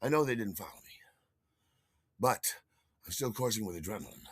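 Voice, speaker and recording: Animated older man telling a story. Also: lowish voice, brisk, slightly rough, dry recording, studio quality. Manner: animated, acts out dialogue with shouted outbursts. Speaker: podcast host. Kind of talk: personal storytelling monologue.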